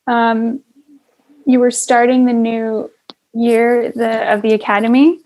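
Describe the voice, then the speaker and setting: A young woman hosting a podcast, talking reflectively in casual conversation with soft laughs and plenty of fillers. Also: a little high, flat delivery, slow pace, poor audio. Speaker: podcast host.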